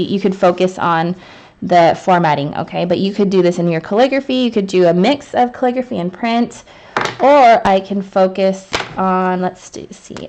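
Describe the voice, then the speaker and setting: A woman's voice: medium pitch, a little mellow. A woman teaching calligraphy in a live online lesson, chatty and thinking aloud as she writes, with many fillers and restarts. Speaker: calligraphy instructor. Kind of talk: live online lesson, demonstrating while writing.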